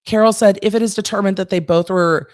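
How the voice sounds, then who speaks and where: A woman's voice: mid-range voice, steady tone, darkish tone, no room sound. Chatty American woman live-streaming, dry sound. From United States. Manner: chatty, quick asides, reads viewer comments aloud. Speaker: host and former trial lawyer. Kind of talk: live-stream commentary reading chat.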